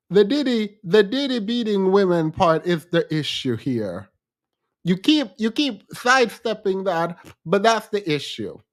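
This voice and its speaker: A woman's voice: fairly low pitch, darkish tone. A woman from Jamaica with a Jamaican accent, hosting a reaction commentary and pointedly picking apart a played clip. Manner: blunt and pointed, quick to laugh. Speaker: commentary host.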